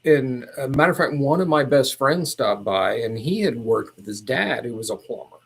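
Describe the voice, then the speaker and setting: A man's voice: medium pitch, moderate pace, vocal fry, slightly rough. Man telling a rambling story. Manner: meandering, animated retelling. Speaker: podcast guest. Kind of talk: casual storytelling.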